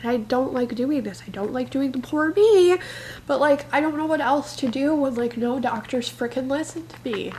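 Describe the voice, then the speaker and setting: A young woman vlogging about her day, frank and weary, full of "like" and pauses. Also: high-pitched, darkish tone, a little hiss or hum, poor audio. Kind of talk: personal vlog. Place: in an old convertible car.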